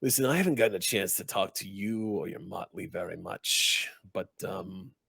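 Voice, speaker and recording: A man voicing a gruff, impatient male red cap driver who talks curtly, swears and barks orders. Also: deep voice, moderate pace, sharp tone, dry recording, clean studio sound, voice pushed down, heavily acted. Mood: earnest.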